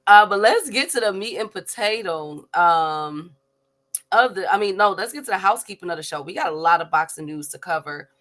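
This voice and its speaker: A woman hosts a casual online boxing show. Her voice is bright and forward, and she talks in an easy, chatty way, laughing often and calling out viewers by name between news items. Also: on the low side, animated, brisk. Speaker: host. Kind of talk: casual live-stream chat.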